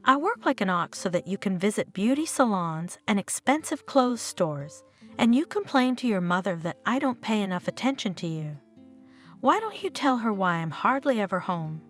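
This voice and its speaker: Short-tempered grown son and husband, resentful, voiced by a woman storyteller, animated. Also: mid-range voice, moderate pace, soft background music. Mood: angry. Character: irritable married man, grown son.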